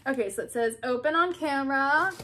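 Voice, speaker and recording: A woman's voice: sits high, music in the background. A young woman chatting bubbly and gushing as she opens fan mail for her vlog. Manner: bubbly, gushing, quick to squeal. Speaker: YouTuber opening fan mail. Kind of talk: casual vlog chat.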